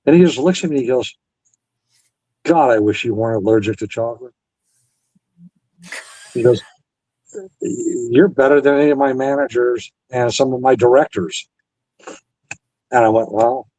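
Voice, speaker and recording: A man's voice: medium pitch, normal speed, long pauses, warm tone, dry recording, poor audio. A Navy veteran man in an interview, earnestly retelling past conversations and quoting both sides. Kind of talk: storytelling interview.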